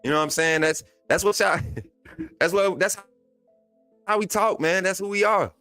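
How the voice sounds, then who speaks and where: A man's voice: high voice, moderate pace, pushed and bright, clear, resonant tone, no room sound, soft background music. A man from Alabama with a Southern accent, hosting a live sports stream in a casual style, reading and answering chat comments with frequent laughter.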